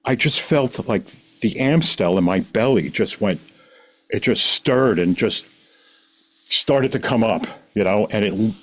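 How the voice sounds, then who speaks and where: A middle-aged man tells his story on a podcast in a somewhat low voice. He talks in animated bursts, backing up and restarting his sentences as he goes. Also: measured pace. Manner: rambling, animated, frequent restarts. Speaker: guest. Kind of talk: casual storytelling.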